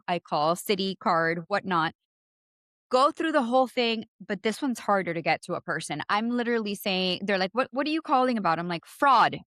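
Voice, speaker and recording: With a mid-range voice recorded cleanly with no echo, a podcast co-host in her thirties speaks English with a non-native accent. She spins a story in casual conversation, swearing freely, full of energy, and playing both parties in phone calls.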